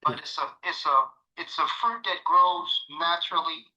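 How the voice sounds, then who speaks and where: Bright-voiced man asking questions over dull audio. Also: fairly high pitch, moderate pace. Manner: curious, asking short questions.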